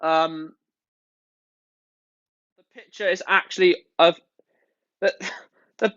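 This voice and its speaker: A man's voice: high-pitched, expressive, unhurried, pauses often, fairly bright tone, no echo. A man live-streaming, ranting about football in an angry, exasperated way and swearing often. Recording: dull, lo-fi stream audio.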